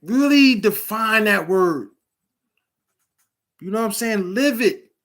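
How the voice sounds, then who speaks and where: A middle-aged man talks straight to young people about the streets and prison, with plenty of cursing and hard emphasis. His voice sits a little on the high side for a man. He sounds like a preacher working the street corner. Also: expressive, slow, a bit bright. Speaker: vlogger giving advice to at-risk youth. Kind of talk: blunt motivational talk to camera.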